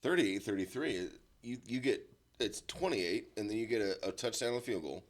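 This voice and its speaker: A man's voice: on the low side, brisk. A man co-hosting a casual sports podcast, cracking dry jokes. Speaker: podcast co-host.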